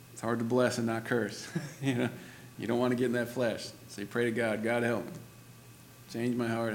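A man of middle pitch preaching in a church, his voice slightly gravelly. He keeps the sermon loose and conversational, laughing often and checking in with "you know" and "right?". A faint hum of the room sits behind him. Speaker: pastor.

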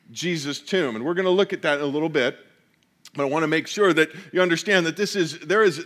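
A man preaching a sermon, reading scripture aloud and explaining it with animated storytelling. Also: a little high. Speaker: pastor.

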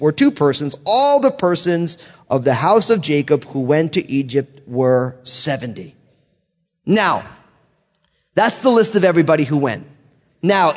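An American man leads a verse-by-verse Bible teaching, his voice sitting a little high for a man. He reads through passages and slips into easy, joking asides. Long reverb trails each phrase, as if he's in a big hall. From United States. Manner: casual and joking between readings.

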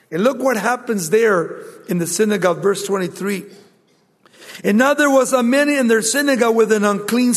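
A man preaches in a high voice, his delivery jumping between loud outbursts and soft asides. His voice carries a long reverb from a large church hall. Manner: animated preaching with sudden loud and soft turns. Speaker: pastor. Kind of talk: sermon.

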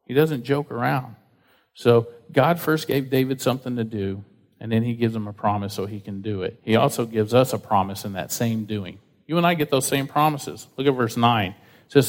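A man preaching a sermon in a casual, conversational way, acting out quotes with lively voices. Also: mid-range voice. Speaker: pastor. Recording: reverberant hall.

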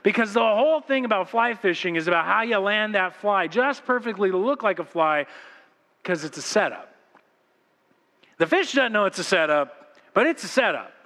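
Male pastor, fairly high pitch, animated and joking sermon delivery, church sanctuary echo. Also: moderate pace. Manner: animated storytelling, informal and joking. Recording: long church hall reverb.

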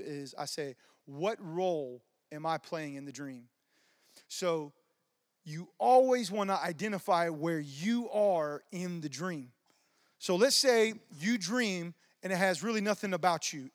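Animated high-voiced preacher man. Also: no echo, clean studio sound. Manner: animated storyteller, casual with "man" and "y'all". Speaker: preacher teaching on dreams. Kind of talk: informal church teaching and testimony.

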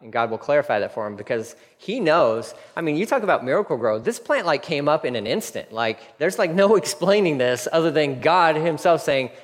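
A man preaching a casual, animated sermon, acting out the people in his story. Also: fairly high pitch, fairly quick, hardly any pauses. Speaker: pastor. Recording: long hall reverb.

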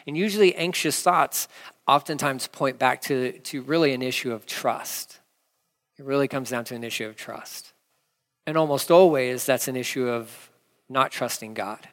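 A male pastor preaching a conversational, animated sermon with casual asides. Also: mid-range voice. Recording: long hall reverb.

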